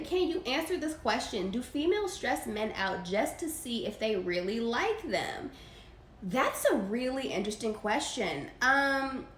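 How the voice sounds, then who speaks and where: A woman's voice: on the high side, fairly bright tone. A young woman hosting a live podcast Q&A, reading chat questions aloud and reacting in a brash, profane, laughing way. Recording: echoey room with faint ambient noise.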